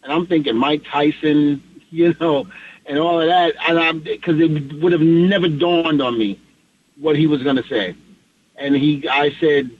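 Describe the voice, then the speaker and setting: Animated middle-aged man telling a story. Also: fairly high pitch, unhurried, phone-quality sound, a little hiss or hum. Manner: animated, acts out the dialogue in his stories. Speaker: podcast co-host. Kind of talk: casual storytelling.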